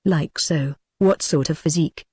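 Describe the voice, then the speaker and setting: A man reading the part of an earnest gentleman who confides his ghost encounter to friends in an audiobook. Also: on the high side, moderate pace, breathy edge, dry recording, studio quality.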